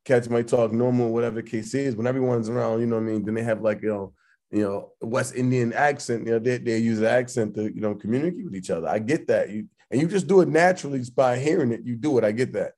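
A man's voice: mid-range voice, fast talker, darkish tone. A man co-hosting a podcast, rambling through his point with slang and restarts in casual chat. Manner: rambling, many fillers and restarts, slang-heavy. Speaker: podcast co-host.

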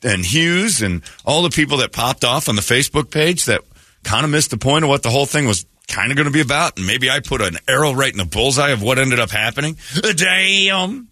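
A man's voice: mid-range voice, expressive, fast, sharp tone, no room sound. A man hosting a radio morning show, ranting sarcastically in a talk radio monologue.

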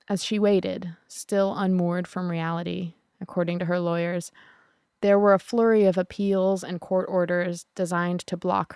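A woman narrating a true crime podcast in a somber, measured way. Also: on the low side, creaky, darkish tone, clean tone, dry recording, studio quality.

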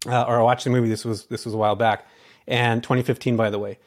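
A man's voice: medium pitch, little pitch movement, quick pace. A man as a podcast guest, telling his story casually and animatedly, acting out bits of dialogue between lots of filler words.

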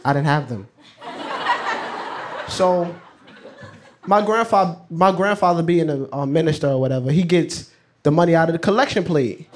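A man's voice: fairly high pitch, normal speed, long pauses, slight background noise. Chatty teenage New guy. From New York. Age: teens. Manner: casual, chatty, slangy, laughs along with his own story. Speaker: student storyteller. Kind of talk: live personal storytelling.

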